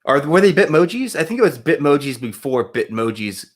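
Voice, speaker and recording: A man co-hosting a live show, chatty and excitable in casual banter with his friend. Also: fairly high pitch, brisk. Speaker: co-host.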